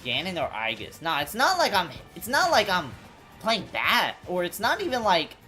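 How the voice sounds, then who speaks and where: A woman live-streaming, her low voice jumping all over as she vents and swears at broken gear. She talks straight to her chat between outbursts. Faint game music plays behind her. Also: huge pitch swings, moderate pace, sharp tone. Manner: frustrated, swearing, talking to chat. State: angry.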